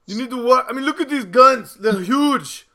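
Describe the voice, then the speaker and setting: A man, the show's host, voicing a loud boastful musclebound gym bro who shouts, whoops and brags. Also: very high voice, expressive, normal speed, exaggerated voice. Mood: bragging.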